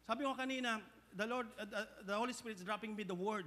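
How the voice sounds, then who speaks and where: A man's voice: high-pitched, quick pace, hardly any pauses, sharp tone, in a large hall. A man with a Filipino accent preaching a sermon, mixing English and Tagalog, often restarting phrases and asking the congregation "Amen?". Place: church hall.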